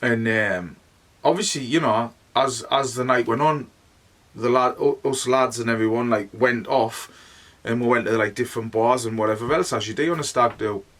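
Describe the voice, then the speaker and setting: A man with a Northeast English accent recounts his experiences in a loose, rambling way. His pitch sits in a middle range, and he talks casually with plenty of "like". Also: normal speed, a bit bright, recorded from a distance. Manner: rambling, chatty, full of "like". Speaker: medium. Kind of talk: casual storytelling monologue.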